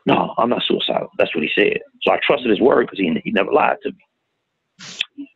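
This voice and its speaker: A middle-aged man telling a painful personal story in a plain-spoken, halting way, recorded with tinny phone-like sound. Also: on the low side, lively intonation, creaky, slightly rough. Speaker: guest telling his story. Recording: tinny phone-like audio, dry.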